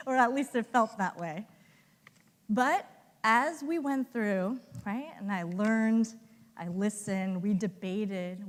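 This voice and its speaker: A woman giving a conference talk as an animated storyteller who acts out the voices of colleagues she quotes. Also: medium pitch, big-room sound. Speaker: conference speaker. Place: hotel conference ballroom.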